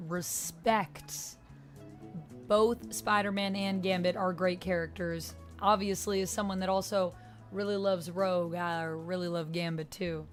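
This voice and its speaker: A woman's voice: fairly low pitch, flat delivery, unhurried, faint music behind. A woman streaming a video game, chatting casually, reading viewers' messages aloud and answering them. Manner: chatty, reads chat messages aloud, soft-spoken. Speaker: variety streamer. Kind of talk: casual livestream commentary.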